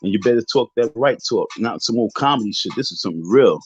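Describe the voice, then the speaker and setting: A man's voice: medium pitch, expressive, fast, slight background noise. A tipsy man from Queens, taunting rivals in an unscripted livestream rant full of slangy street talk. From Southside Jamaica, Queens, New York. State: tipsy from drinking. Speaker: livestream host. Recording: dull lo-fi stream audio.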